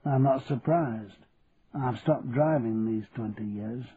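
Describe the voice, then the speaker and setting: Brief: male reader doing a wary old Yorkshire man, gruff and slow, tinny lo-fi recording. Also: medium pitch. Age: older. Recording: tinny lo-fi radio recording, faint hiss.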